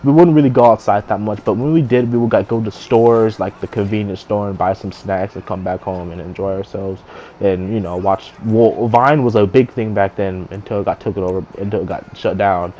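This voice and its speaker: A man's voice: on the low side, steady tone, fairly quick, mellow, muffled recording, a little hiss or hum. A young man, a gaming streamer, casually telling a story to camera, rambling, restarting his sentences and swearing offhandedly.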